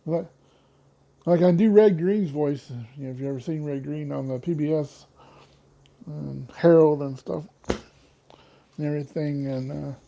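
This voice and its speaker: Gravelly man rambling on his podcast. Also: fairly high pitch, unhurried, pauses often, mellow, lo-fi sound, a little hiss or hum. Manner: rambling, loses his train of thought. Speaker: podcast host. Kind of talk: casual solo podcast talk.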